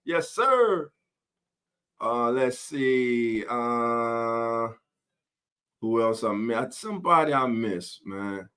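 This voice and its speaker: A man's voice: medium pitch, very slow, bright, forceful tone, clean tone. A man hosting a casual live-stream sports talk show, greeting viewers in chat by name.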